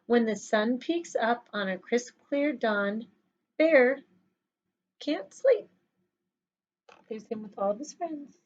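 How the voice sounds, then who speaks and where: A woman teacher reads a picture book aloud to young children, chatting to them between pages. Her delivery is animated and sing-song, unhurried and slow, with a fairly high voice. The recording is dull and lo-fi.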